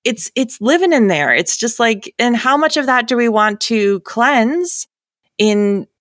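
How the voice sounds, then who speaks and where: A woman's voice: fairly high pitch, expressive, unhurried, a bit bright, dry recording, studio quality. A woman audiobook narrator from New England with a light New England accent, chatting casually on a panel with many fillers and frequent laughs.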